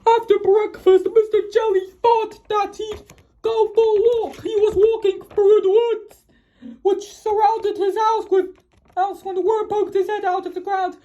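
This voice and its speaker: An AI-generated voice narrating a children's storybook, halting often and restarting words. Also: very high voice, little pitch movement, warm tone. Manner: halting, with many restarts and stumbles. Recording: dull lo-fi AI voice audio.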